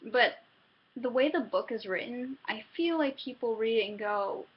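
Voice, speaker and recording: A chatty young woman reviewing a book in a casual vlog, her voice a little high and slightly husky. She keeps interrupting herself and laughing as she talks. The recording is somewhat dull and lo-fi. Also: lively intonation, normal speed.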